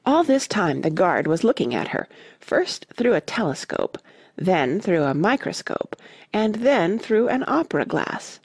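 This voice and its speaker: A woman reading a classic storybook aloud as an audiobook narrator, expressive and animated. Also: on the low side, unhurried, husky, no echo, studio quality.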